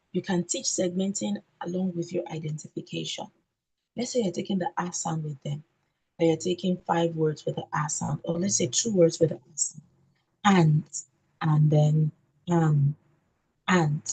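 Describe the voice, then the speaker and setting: Female trainer, husky and low, video-call teaching voice, drills key words with rhetorical questions. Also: a little mellow, low-quality recording. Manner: repeats key words, asks and answers own questions; sounds out letters slowly. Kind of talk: online training session.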